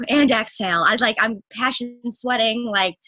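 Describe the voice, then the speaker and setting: A young woman talks in a bright, forceful voice, gushing with excitement about her coaching team. She rushes through her sentences, breathless and full of fillers. The sound is dry and close. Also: fairly high pitch, no echo. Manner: gushing, rapid, breathless with enthusiasm. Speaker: fitness coach. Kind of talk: excited testimonial talk.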